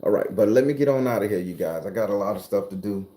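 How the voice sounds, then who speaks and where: Man, livestream host, casual chat, low voice, dark mellow tone, cusses a lot, rants loud at times. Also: expressive, quick pace, hardly any pauses. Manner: loose, cursing freely, reacting to viewer comments; swings into loud, high-pitched ranting at times.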